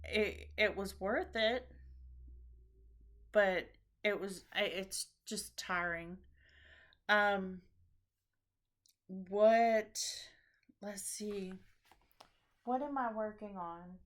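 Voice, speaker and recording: A woman chatting casually as a knitting show host, tired and a bit scattered. She talks at an unhurried, slow pace, rambling and pausing with ums and restarts. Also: medium pitch, a bit bright. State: tired after a long trip. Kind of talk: casual chat about knitting projects.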